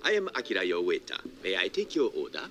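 Stiff, formal sushi waiter. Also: male voice, sits low, huge pitch swings, fast talker, a bit bright, soft background music, exaggerated voice.

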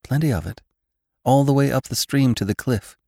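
A man's voice: mid-range voice, normal speed, gravelly, dark tone, dry recording, clean studio sound, voice pushed up. A man voicing a shy, devoted young frontier woman who speaks earnestly and hesitantly. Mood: eager.

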